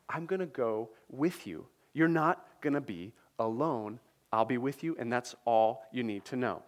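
A man preaching a sermon to a congregation, animated, speaking the lines of Bible figures in his own voice and adding quick asides to the listeners. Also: fairly high pitch. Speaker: pastor.

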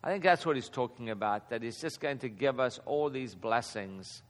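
A man in his fifties teaching a Bible passage in a relaxed, conversational way, chuckling often and getting animated at key points. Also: medium pitch, normal speed. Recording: long hall reverb.

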